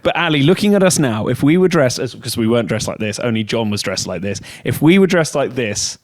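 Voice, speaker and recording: A young British man co-hosting a podcast in casual chat, animated and teasing, with swearing. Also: medium pitch, brisk. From Britain. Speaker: podcast co-host.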